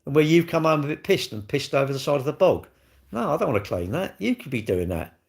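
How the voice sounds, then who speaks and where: A man's voice: a little high, expressive, fast, vocal fry. A middle-aged man hosting a casual livestream, cheekily bantering and reading viewer comments aloud before answering them. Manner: cheeky, blunt and jokey. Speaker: livestream host.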